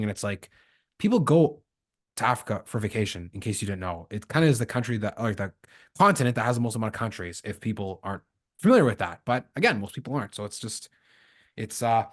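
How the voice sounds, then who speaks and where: A man from Canada hosts a casual podcast chat, rattling through his travel stories at a quick clip. He acts out the people he quotes as he goes, and his voice sits at an ordinary middle pitch. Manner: lively storyteller acting out quoted dialogue. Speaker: podcast host.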